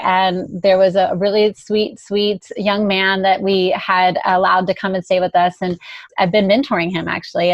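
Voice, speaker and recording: A woman's voice: medium pitch, dry recording, dull audio. A woman guest telling a personal story in a casual, chatty way, often acting out what people said. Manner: chatty anecdotal narration, acting out quoted dialogue. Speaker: podcast guest.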